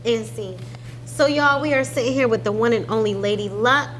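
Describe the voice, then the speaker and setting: A woman's voice: a little high, normal speed, a bit bright, a little hiss or hum. Upbeat woman interview host. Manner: upbeat, affirming, question-asking. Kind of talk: casual interview.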